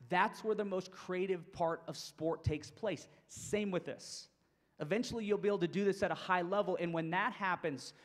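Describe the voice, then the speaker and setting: A man with a high, bright voice delivers an energetic keynote to coaches, pressing his points with emphatic repetition. His voice carries a long reverb, as if in a large hall. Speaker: motivational speaker for coaches. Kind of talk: keynote presentation.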